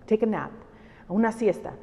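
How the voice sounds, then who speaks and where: A woman voicing her tiny, fearless, very old grandmother, calm and reassuring. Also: mid-range voice, normal speed, vocal fry, voice pushed up. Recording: reverberant hall.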